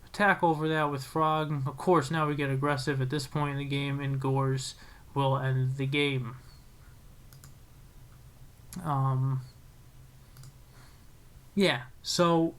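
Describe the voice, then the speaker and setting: A young man casually commentating his own card game match, excitable and self-critical, with frequent restarts. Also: on the high side, unhurried, clean tone.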